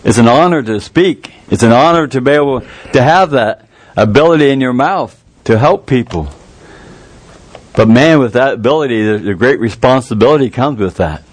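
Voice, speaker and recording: A man preaching a sermon in a folksy, earnest way, jumping up in pitch to stress a point. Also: expressive, dry recording. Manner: folksy, earnest, with quick rises in pitch for emphasis.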